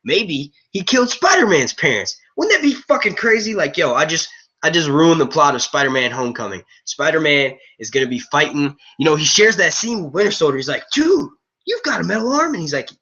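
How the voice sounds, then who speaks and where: A man's voice: on the high side, expressive, fairly quick, bright, forceful tone. A man hosting a live review stream, rambling casually to his chat and swearing freely, on dull lo-fi stream audio. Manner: rambling, profane, casual, says "yo" a lot. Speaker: host of a movie and TV review stream.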